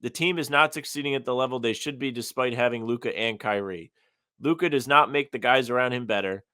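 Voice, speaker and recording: A man's voice: medium pitch, brisk, pushed and bright, clean tone, dry recording, clean studio sound. A man co-hosting a casual sports podcast, reading out listener comments and giving blunt opinions. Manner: reads listener comments aloud, opinionated and conversational. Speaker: podcast co-host.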